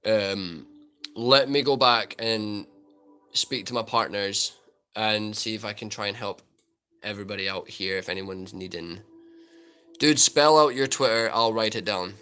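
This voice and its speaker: A man's voice: on the low side, unhurried, sharp tone, smooth. A Scottish man in his twenties hosting a casual livestream Q&A, joking and chatting as he answers viewers' comments. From Scotland. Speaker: livestream host answering chat.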